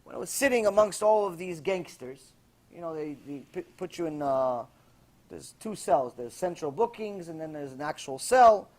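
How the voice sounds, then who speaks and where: A man with a somewhat high voice, speaking at a moderate pace, preaches as a rabbi. In his sermon he tells a story animatedly, acting out the characters he quotes.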